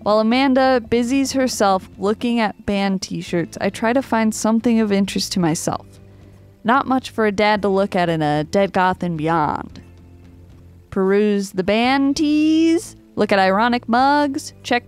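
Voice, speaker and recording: A woman's voice: a little high, expressive, unhurried, clean tone, faint music behind. A woman guesting on a podcast, reading game narration aloud in a playful, mock-formal way.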